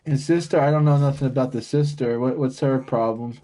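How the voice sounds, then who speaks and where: A man's voice: mid-range voice, steady tone, brisk, warm tone. A man co-hosting a podcast, chatting casually while playing a game, rambling and swearing often. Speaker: podcast co-host. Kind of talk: casual chat while gaming.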